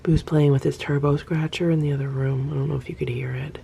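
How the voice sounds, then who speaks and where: A woman narrating a casual home video about her cats, soft-spoken and often dropping to a whisper, and cooing at the pets. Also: low voice, fairly even intonation, quick pace, creaky, a little hiss or hum. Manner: coos at pets in a raised voice. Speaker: cat rescue vlogger.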